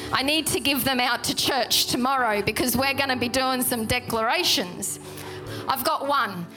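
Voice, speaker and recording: A woman preaching a sermon to her church, chatty and emphatic, repeating key words. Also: high voice. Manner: animated, chatty, with laughs and emphatic repetition. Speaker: pastor. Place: church hall.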